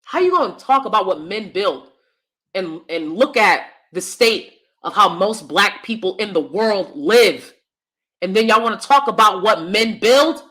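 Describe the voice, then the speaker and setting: A woman from the United States hosting a livestream, talking in an emphatic, fiery, animated way and reading out super chats. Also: medium pitch, measured pace. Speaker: host.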